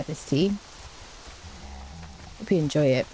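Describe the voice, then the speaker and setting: A woman's voice: low voice, fairly quick, mellow, soft background music. A woman streaming a game live, chatting casually with her viewers and humming little tunes to herself.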